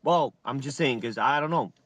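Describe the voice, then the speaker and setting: A man's voice: mid-range voice, moderate pace, a bit bright, dry recording. A man arguing in a casual voice chat, hedging and repeating himself vaguely. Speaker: debate participant.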